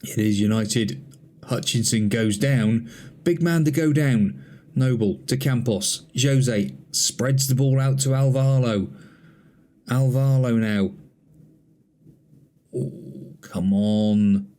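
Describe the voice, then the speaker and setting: A gaming channel host plays a football management game, commenting on the matches in a chatty mock broadcast style and talking to an imaginary co-commentator. His medium-pitched voice is warm and slow, with frequent pauses.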